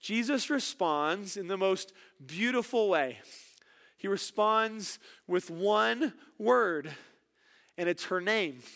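A male pastor delivers a sermon in a high voice. His tone is bright and forceful. He moves from soft, gentle passages to emphatic peaks and often repeats his words. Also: lively intonation, slow pace, vocal fry.

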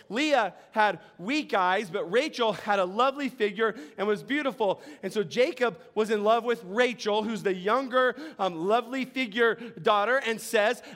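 A man's voice: sits high, a bit bright. A man preaching a sermon in a conversational way, often laughing and asking the congregation questions. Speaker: pastor.

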